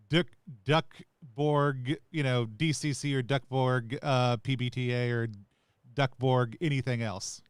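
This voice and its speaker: A man's voice: mid-range voice, smooth, no room sound, clean studio sound. A man hosting a casual live interview, passing on a viewer's question in a conversational way. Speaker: host.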